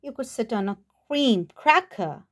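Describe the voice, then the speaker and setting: A woman's voice: on the high side, animated, a little slow, a bit bright. A woman voicing a cheerful male dog who playfully teases, in a children's picture book reading. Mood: teasing. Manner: playful, teasing.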